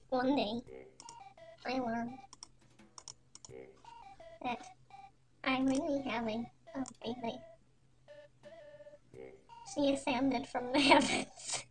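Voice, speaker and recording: A woman narrating a parody storytime in a quiet, deadpan, mock-serious way. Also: high-pitched. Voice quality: quiet, soft-spoken. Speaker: storytime animator. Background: faint music.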